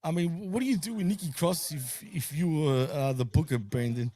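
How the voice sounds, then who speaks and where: Man, fairly high voice, laid-back, swears a lot, says man and bro, casual stream chat. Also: moderate pace, mellow. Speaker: host. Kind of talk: casual chat on a wrestling watch-along stream.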